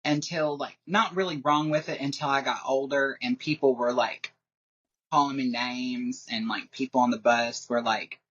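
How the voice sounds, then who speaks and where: A woman's voice: extremely low pitch, steady tone, normal speed, slight background noise. A woman talks as a podcast guest in a casual, rambling way, filling her sentences with "like" and laughing often. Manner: rambling, heavy use of "like", frequent laughter. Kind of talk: casual interview chat. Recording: dull lo-fi recording.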